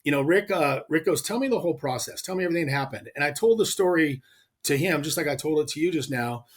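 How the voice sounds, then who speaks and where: A man with a slightly raised voice tells a personal story in an earnest, heartfelt way. He often stumbles and restarts his sentences when the feeling catches up with him. He sounds like a guest in a relaxed conversation. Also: a little high, fast, slightly rough. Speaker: guest, professional angler.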